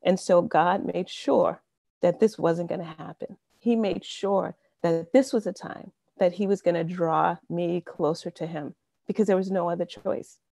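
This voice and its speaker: A woman's voice: fairly low pitch, steady tone, a little slow, creaky, mellow, dry recording. A woman in her fifties giving an earnest, conversational faith testimony over a video call, often saying "you know". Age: 50s. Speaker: speaker sharing a testimony.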